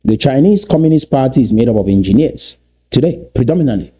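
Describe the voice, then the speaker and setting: Quick-paced and expressive, a Cameroonian man lectures in a warm, medium-pitched voice. His commentary is emphatic, built on repeated key phrases and words drawn out for emphasis.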